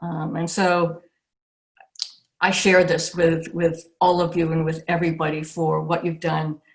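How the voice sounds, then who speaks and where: An older woman with a slightly low voice gives a heartfelt acceptance speech. She speaks over a video call, often pausing and circling back to restart her sentences. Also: little pitch movement. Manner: warm, reflective, with frequent pauses and restarts. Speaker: award recipient.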